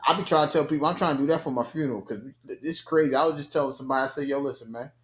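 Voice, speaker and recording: A man's voice: a little high, fairly even intonation, rapid-fire, a little hiss or hum. Joking man in an echoey room. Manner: joking, laughs often, playful. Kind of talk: casual chat.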